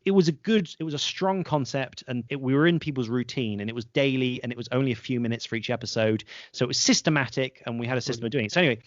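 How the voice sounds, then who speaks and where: A young English man with a posh accent chats as a guest on a podcast. He talks briskly and puts on voices when he quotes people. The sound is dry and a little dull. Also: medium pitch, dry recording. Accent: posh southern English. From England. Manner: brisk, lively storyteller who acts out quoted voices. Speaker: podcast host as interview guest. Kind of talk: casual interview chat. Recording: slightly muffled, dry close sound.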